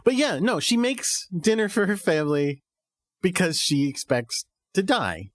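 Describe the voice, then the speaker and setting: A man's voice: high-pitched, very animated, measured pace, no echo, clean studio sound. A man co-hosting a casual fan podcast, laughing often and acting out characters' lines as he talks. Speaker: podcast co-host.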